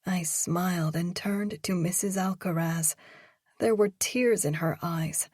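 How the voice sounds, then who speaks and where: A woman narrating a romance audiobook in a slow, measured reading voice. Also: on the low side, a little mellow, breathy edge, no room sound, clean studio sound.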